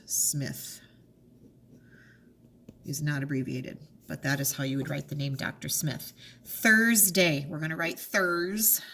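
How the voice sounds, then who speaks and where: A woman's voice: deep voice, fairly bright tone. A middle-aged woman teacher giving a remote reading lesson to children, patient and spelling out letters one at a time.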